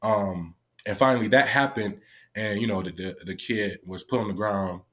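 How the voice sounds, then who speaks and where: This man speaks at normal speed in a lowish, slightly bright voice. A former youth detention worker appearing as a guest, he recounts a personal story casually, with frank emotion, frequent swearing, and impressions of what others told him.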